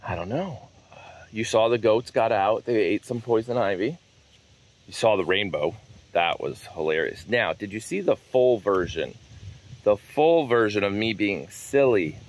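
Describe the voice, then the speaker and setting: A man's voice: on the low side, slight background noise. A man vlogging outdoors on his farm, chatting casually to viewers while walking and calling after his dog. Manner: chatty, easygoing, calls out to a wandering dog. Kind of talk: casual rambling chat.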